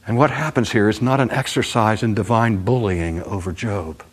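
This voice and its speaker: A man preaching a sermon with a dramatic, emphatic delivery that ranges from loud to hushed. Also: lowish voice, normal speed, husky.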